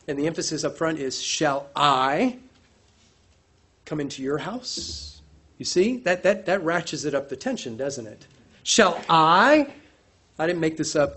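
A man preaching a sermon, animated and lively, briefly acting out the voices of the people he quotes. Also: on the high side. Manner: animated, acts out quoted voices, repeats words. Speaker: pastor.

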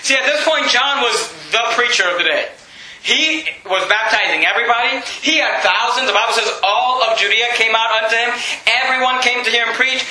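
A man preaching a sermon in a very high, piercingly bright voice. He talks in an animated way, restarts and repeats words, and bursts loud when he acts out quotes. His voice rings through a very echoey church hall. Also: a little fast. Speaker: pastor.

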